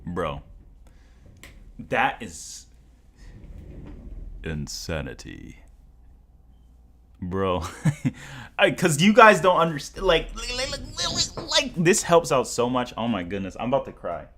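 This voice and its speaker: A young man livestreaming in casual chat, excitable and exclamatory, often stammering and repeating himself. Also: medium pitch, takes it slowly, pauses often, a little hiss or hum. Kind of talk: live stream reaction chat.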